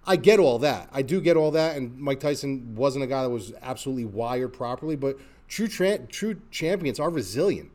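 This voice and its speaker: A man's voice: mid-range voice, lively intonation, moderate pace, few pauses, darkish tone. A man giving casual combat sports commentary, talking in a conversational, rambling way with many restarts and fillers.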